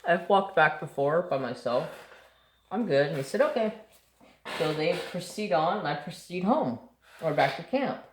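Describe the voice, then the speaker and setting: A man hosting a craft channel, telling a story in a relaxed, rambling way and swearing casually. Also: on the high side, moderate pace, slight background noise. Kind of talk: casual storytelling while painting. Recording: roomy echo.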